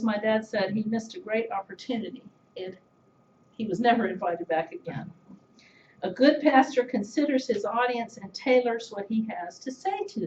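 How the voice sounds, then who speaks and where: Brief: middle-aged woman, fairly high voice, measured anecdotal tribute, roomy dull recording. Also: slight background noise. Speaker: speaker giving a tribute. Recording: echoey, slightly dull room recording.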